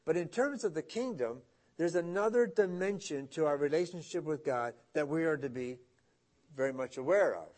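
A middle-aged man preaching a sermon as pastor, conversational in tone, rising emphatically on key points and dropping low and soft. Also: lively intonation, moderate pace.

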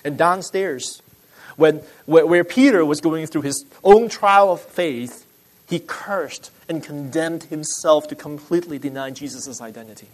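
Male pastor, sermon delivery, higher-pitched voice, urgent emphatic swells and quiet asides, conversational with restarts. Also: measured pace, low-quality recording. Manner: restarts and fillers, explaining scripture conversationally.

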